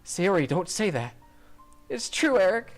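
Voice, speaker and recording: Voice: lively intonation, moderate pace, faint music behind, natural voice. A streamer voicing a cheerful but fragile teenage girl in a visual novel, reading her lines in a raised, bubbly voice that can turn tearful. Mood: distraught. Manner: high, bubbly, turning tearful. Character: cheerful, fragile teen girl with sad depths.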